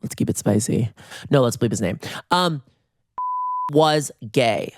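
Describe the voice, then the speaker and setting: A young man hosting a podcast, telling a comedic story in an animated, campy way and jumping into quoted voices. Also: medium pitch, slow pace, pauses often, dry recording, clean studio sound. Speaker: podcast host. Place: bedroom.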